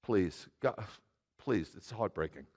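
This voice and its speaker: A man preaching as rabbi to a congregation, animated and joking, swinging from loud outbursts to quiet asides. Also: sits low, slow. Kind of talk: sermon.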